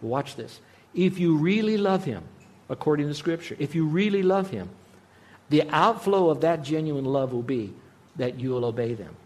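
A man's voice: fairly high pitch, lively intonation, normal speed, a little mellow. A middle-aged man pastor giving a radio sermon, earnest and conversational, acting out short quotes.

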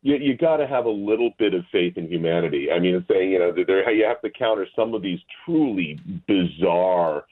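A man's voice: low voice, expressive, a little fast, hardly any pauses, breathy edge. A male guest on a phone interview, talking in a rambling, hesitant way with many restarts. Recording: tinny phone line.

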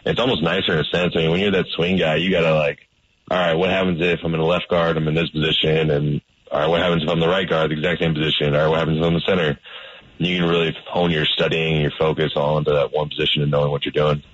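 Guest: very low husky male voice, quick modest talk, dull radio sound. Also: level tone, a bit bright, no echo. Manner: modest, halting with restarts. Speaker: football player guest. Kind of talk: casual interview talk.

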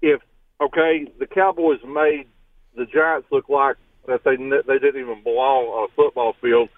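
A man's voice: medium pitch, steady tone, moderate pace, no echo. Joking guy calling in, sounds like a phone, dry. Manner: sarcastic, joking. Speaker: caller. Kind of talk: sports radio call-in. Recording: tinny phone line.

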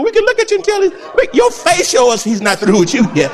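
A male pastor delivers a sermon in a high voice with wide, lively swings of pitch. He acts out other people's voices and breaks into sudden shouts. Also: fast, hardly any pauses, heavy background noise.

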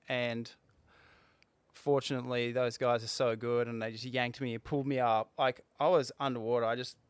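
Man telling a surfing story, smooth voice. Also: mid-range voice, dry recording. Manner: halting, with restarts and fillers. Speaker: guest, former pro surfer. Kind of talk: casual interview storytelling.

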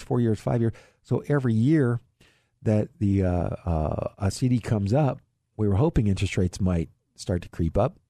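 Middle-aged male radio money host from Ohio, folksy and chuckling, low husky dark voice, dry studio sound. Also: dry recording. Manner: folksy and chuckling, with frequent fillers and restarts. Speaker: radio show host, financial advisor. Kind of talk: casual radio talk on investing.

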